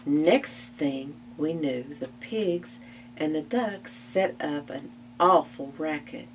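Slow, expressive woman reading a picture book. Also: low-pitched. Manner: expressive, gasps at the story's turns. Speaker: library storytime reader. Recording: distant mic with faint hum.

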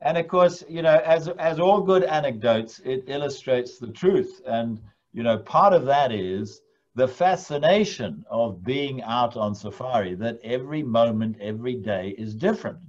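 A man hosting an interview chat, speaking in a measured, appreciative way over a video call. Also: medium pitch, animated, lo-fi sound. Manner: measured, appreciative, laughs along. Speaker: host, safari company founder.

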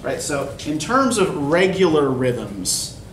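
A man's voice: fairly high pitch, sing-song, slow pace. A man teaching a college poetry class, explaining with a habitual "right?" to his students. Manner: explanatory, often checks in with "right?". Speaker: college English instructor. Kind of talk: classroom lecture. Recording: echoey classroom from far off, faint noise.

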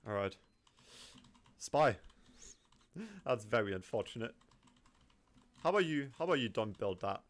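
A man giving live commentary over his own gameplay, excitable, swinging from low muttering to sudden yelps and laughter. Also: unhurried, long pauses. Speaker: gaming commentator.

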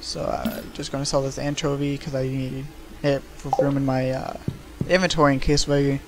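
Relaxed and rambling, a young man narrates his own gameplay for a let's-play video, dropping plenty of fillers along the way. He speaks at a normal speed in a mid-range voice. The home recording has background noise alongside clear game music.

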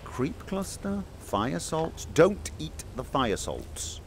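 Animated man chatting through a game. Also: fairly high pitch, slow pace, slight background noise. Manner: playful, chatty, talks to his companion; excitable, jokey asides. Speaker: gaming streamer. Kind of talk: casual VR gameplay commentary. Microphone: VR headset mic.

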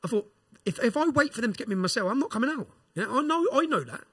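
Fast, bright-voiced man. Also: extremely high pitch, slightly rough. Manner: animated, swearing, London slang. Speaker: podcast guest. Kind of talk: casual storytelling.

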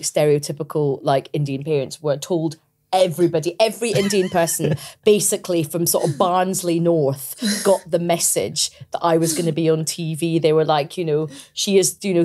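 A Scottish woman in her forties chats as a podcast guest, lively and quick to laugh. Her voice sits on the low side for a woman, and she tells her stories with plenty of animation. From Scotland. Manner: lively storyteller, laughs often, mimics her parents. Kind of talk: casual interview chat.

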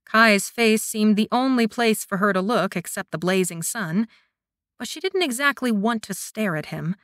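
Bright-voiced woman audiobook narrator. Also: medium pitch, lively intonation, moderate pace, no echo, studio quality. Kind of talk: scripted narration.

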